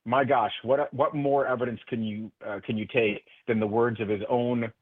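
A man guest on a political radio interview, talking earnestly with many halting restarts over a phone line. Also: medium pitch, fairly even intonation, no echo. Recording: tinny phone line, dry.

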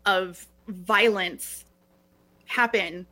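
A woman's voice: medium pitch, steady tone, very slow, bright, forceful tone. A middle-aged woman speaking as a guest on a talk show, earnest, often restarting her phrases. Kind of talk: reflective podcast conversation.

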